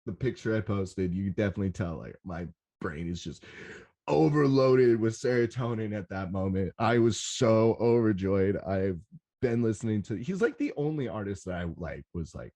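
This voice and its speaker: A young man hosting a rave podcast, talking in an excitable, rambling way and swearing often. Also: on the low side, normal speed. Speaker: podcast host. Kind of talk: casual solo podcast recap.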